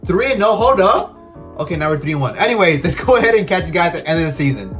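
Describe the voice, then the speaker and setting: Slangy young man, slightly high voice. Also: animated, quick pace, a bit bright, soft background music. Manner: casual slangy talk, frustrated rants. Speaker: gaming YouTuber. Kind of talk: casual gameplay commentary.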